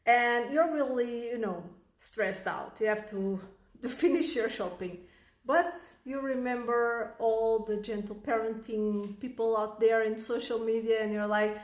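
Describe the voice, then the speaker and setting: A woman giving casual parenting advice as a coach, telling a story with lively, acted-out scenes. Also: a little high, a little slow. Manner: animated storytelling, acting out scenes. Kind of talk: casual direct-to-camera advice. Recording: roomy echo.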